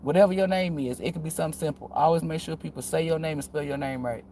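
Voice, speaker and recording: A woman who reads tarot talks casually and bluntly to her viewers, swearing often and telling animated stories. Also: sits low, fast, a little hiss or hum. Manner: profane, emphatic, animated storytelling; slangy and blunt. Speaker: tarot reader.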